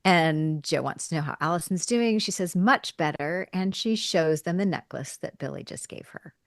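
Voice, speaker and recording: A woman's voice: low-pitched, lively intonation, normal speed, dry recording, clean studio sound. A woman co-hosting a podcast, animatedly recapping a TV episode in casual chat and laughing often. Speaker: podcast co-host.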